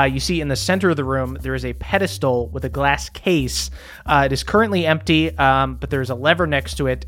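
A man's voice: on the high side, fairly bright tone. A man narrating as game master in a tabletop game, with many fillers and chuckles.

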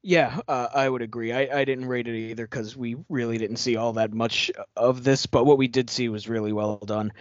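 A man's voice: medium pitch, fairly even intonation, moderate pace, hardly any pauses, no room sound, muffled recording. A man co-hosting a podcast in casual chat, hesitant, with many fillers and repeated words. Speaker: podcast co-host.

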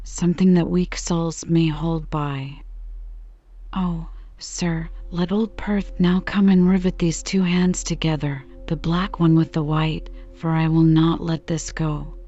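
A woman reading the lines of a frightened, lost young cabin boy who rambles in a dazed way, in a calm sleep-story reading of a classic novel. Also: low-pitched, takes it slowly, dull audio. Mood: pleading.

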